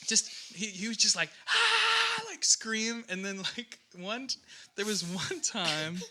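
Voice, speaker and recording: Bright-voiced young man telling stories. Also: sits high, measured pace. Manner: rambling storyteller, many fillers and restarts. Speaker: podcast host. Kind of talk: casual chat.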